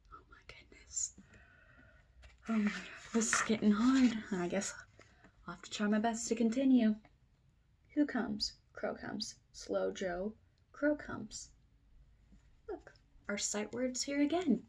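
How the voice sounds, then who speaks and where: A woman reading a children's book aloud at circle time, trying tongue twisters slowly and then fast, with playful asides. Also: medium pitch, darkish tone, slightly rough. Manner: reads tongue twisters slowly, then races through them, comments playfully.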